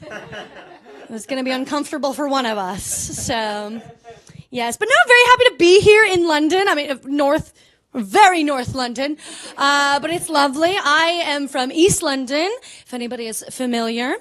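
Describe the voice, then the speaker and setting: A woman's voice: sits high, moderate pace, fairly bright tone. A young Canadian woman performing a chatty, self-mocking stand-up set on a comedy club stage, often tagging her lines with "right?". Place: comedy club stage before a live audience.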